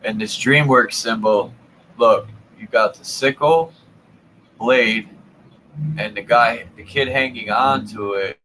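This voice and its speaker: A man hosting his channel, giving casual commentary while browsing old maps, with relaxed, amused, slangy asides. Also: medium pitch, slow pace, slight background noise, rough recording. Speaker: channel host.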